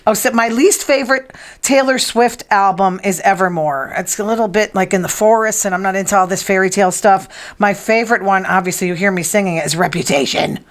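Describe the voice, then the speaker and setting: A woman's voice: mid-range voice, brisk. Middle-aged woman host, mid-range voice; casual gossip chat, opinionated, tosses teasing asides. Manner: chatty, opinionated, teasing asides to people in the room. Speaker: podcast host.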